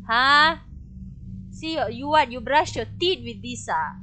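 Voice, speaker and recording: A woman's voice: a little high, expressive, normal speed, a bit bright, slight background noise. A young woman, chatting through her own gameplay as a streamer and talking to her viewers. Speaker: game streamer. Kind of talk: live gameplay commentary.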